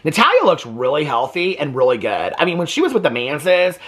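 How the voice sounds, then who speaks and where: Casting: male reaction host, lively swooping delivery, exasperated and chatty. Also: a little high. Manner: animated, exasperated, talks in quick asides. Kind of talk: casual commentary recap.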